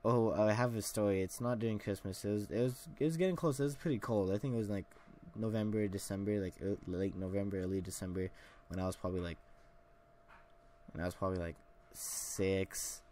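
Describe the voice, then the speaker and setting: A young man with a slightly low voice hosts a solo podcast episode, wandering through a childhood story. He talks casually, full of "uh" and "like" and restarts. A faint background hiss sits under the recording. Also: a little fast, mellow. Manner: rambling, many fillers and restarts. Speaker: podcast host.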